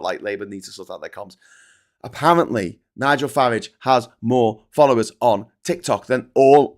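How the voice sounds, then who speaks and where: Scouse accent, middle-aged man, host, blunt ranting, reading comments. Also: medium pitch. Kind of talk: casual live news chat reading viewer comments.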